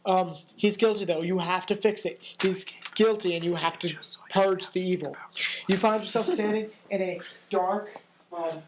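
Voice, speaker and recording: A man's voice: high-pitched, steady tone, moderate pace, background noise. A young man narrating a tabletop game as game master, often restarting his sentences with ums as he describes scenes. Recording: echoey room.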